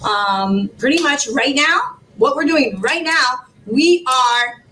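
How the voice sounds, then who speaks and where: A woman in her forties, a foundation founder telling her story in an interview, animated and rambling, with many fillers. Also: sits high, takes it slowly. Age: 40s. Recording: distant mic with faint background noise.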